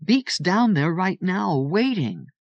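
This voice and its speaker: A man's voice: high-pitched, big pitch swings, slow, dry recording, highs cut off, voice pushed up, exaggerated voice. A man voicing a shaken, blunt teenage girl who talks in slang with a quavering voice.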